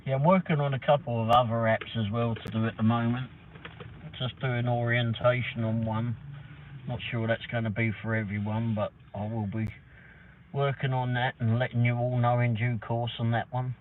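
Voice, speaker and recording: A man's voice: medium pitch, flat delivery, normal speed. Chatty man on a tinny livestream. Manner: rambling, chatty, with mild swearing. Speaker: livestream host. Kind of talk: casual chat. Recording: tinny phone-like sound from a distance, faint noise.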